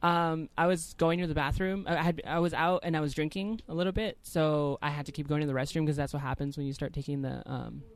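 Fast-talking candid trans woman. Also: low voice, fairly even intonation. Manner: open, storytelling, many restarts and fillers. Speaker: podcast guest. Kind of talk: casual chat.

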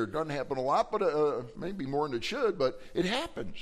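A man's voice: fairly high pitch, very animated, brisk, hardly any pauses. A man preaching a Sunday sermon as pastor, acting out the people in the story in dramatic voices. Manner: preaching with dramatic acted quotes. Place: church sanctuary.

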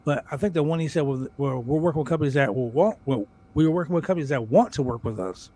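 A man co-hosting a wrestling podcast in casual chat, talking in an excited, rambling way with repeated words and swearing. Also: a little high, fast talker. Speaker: podcast co-host.

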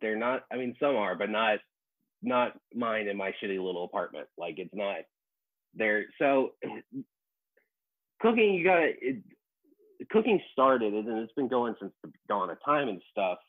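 Hesitant low-voiced man on a tinny line. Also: animated, measured pace, pauses often, no room sound. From New Orleans, USA. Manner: hesitant, many fillers, laid-back. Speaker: guest, professional cook. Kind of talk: casual podcast chat.

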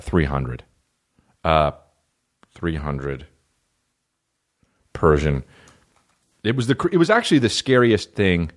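A young man hosting a podcast, riffing profanely in casual comedic chat and jumping into silly voices. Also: low-pitched. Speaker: podcast host.

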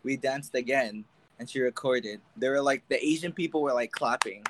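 Young male podcast co-host, animated storyteller, mid-pitched voice, casual chat. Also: normal speed, rough recording.

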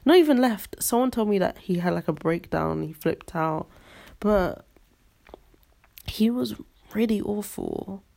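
A young woman hosting a podcast, telling stories in an animated, ranting, slangy monologue. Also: mid-range voice, unhurried, vocal fry, pauses often. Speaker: podcast host. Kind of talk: casual storytelling monologue.

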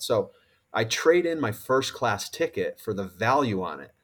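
A man in his forties from Connecticut, a podcast guest telling a story in a casual, animated and profane way. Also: lowish voice, a little slow. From Connecticut, USA. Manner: animated, profane, acts out quoted dialogue. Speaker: podcast guest, former pro baseball player.

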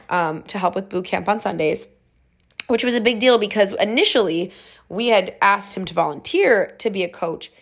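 Chatty woman hosting a podcast. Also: on the high side. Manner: chatty and animated, laughs often. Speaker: podcast host. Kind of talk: casual storytelling.

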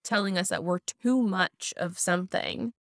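A woman's voice: lowish voice, normal speed, dry recording, studio quality. A woman co-hosting a podcast, speaking reflectively and personally about her experience, with some hesitant restarts. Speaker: co-host. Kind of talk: casual podcast chat, reflective.

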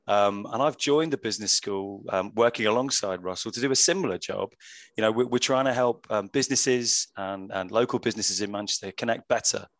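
Croaky man, low voice, dry sound, panel guest. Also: fairly bright tone, dry recording. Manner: apologetic, hesitant. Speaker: business school staff. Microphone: video call.

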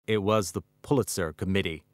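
A man voicing a wry older poet who delivers news in a dry, even tone. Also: fairly low pitch, a little slow, clear, resonant tone, dry recording. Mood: deadpan. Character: wry older male poet, deadpan wit.

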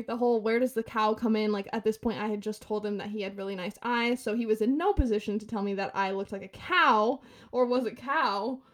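A twenties-aged woman recounts something on a laid-back podcast, talking rapidly and animatedly. Her slightly high voice breaks into laughter as she acts out what people said.

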